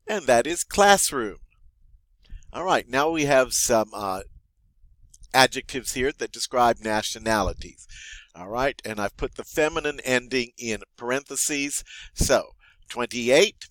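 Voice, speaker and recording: A man's voice: mid-range voice, animated, moderate pace, fairly bright tone, dry recording. A man, teaching French vocabulary, saying each word twice and then explaining it. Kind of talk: vocabulary lesson.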